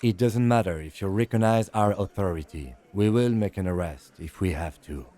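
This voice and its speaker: A man voicing a gruff, hostile grown man in a game, with a growling, menacing delivery. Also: low-pitched, moderate pace, dark tone, close to an everyday voice.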